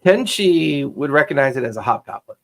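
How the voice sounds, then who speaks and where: A man running a tabletop game as game master, narrating in a relaxed, halting way with repeats. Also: on the high side, vocal fry, faint music behind.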